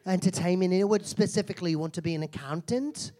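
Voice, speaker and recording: A man's voice: high voice, fast talker, warm tone, natural voice. A man performing a brash, foul-mouthed female self-help seminar guru in a live comedy character act, mocking and insulting the audience.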